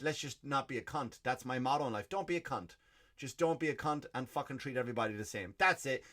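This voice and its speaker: A man's voice: medium pitch, fairly bright tone. Ranting, foul-mouthed Irish man. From Ireland. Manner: profane, ranting, self-answering asides. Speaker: comedy podcast host. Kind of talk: stand-up style rant.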